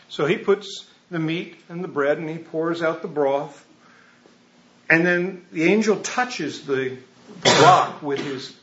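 A male pastor preaching a lively, conversational sermon at a church service, full of casual asides. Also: fairly high pitch. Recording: muffled lo-fi recording.

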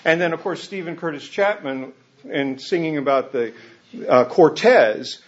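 A male pastor preaching a lively, conversational sermon at a church service, full of casual asides. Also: fairly high pitch, measured pace. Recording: muffled lo-fi recording.

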